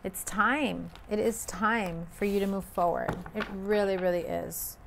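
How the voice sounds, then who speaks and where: A woman's voice: mid-range voice, steady tone, unhurried, gravelly, very noisy. A woman giving a casual tarot reading, talking bluntly and emphatically with frequent swearing. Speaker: tarot reader.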